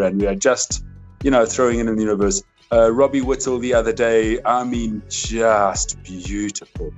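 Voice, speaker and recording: A man's voice: on the low side, rough recording. A man hosting a podcast interview, talking in an effusive, rambling way. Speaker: podcast host. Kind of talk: casual interview chat.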